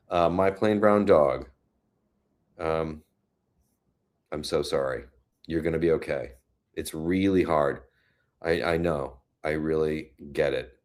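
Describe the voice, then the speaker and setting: A deep-voiced man hosts a relaxed livestream from home. He talks slowly, reads viewer comments aloud and offers gentle reassurance. His pitch swings widely as he chats. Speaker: livestream host. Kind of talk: casual livestream chat. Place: home, New York City.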